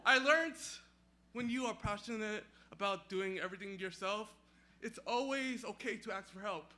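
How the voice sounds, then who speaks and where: A man with a very high voice wrapping up a live storytelling set, shouting his sign-off. The recording carries clear background noise. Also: moderate pace. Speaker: performer.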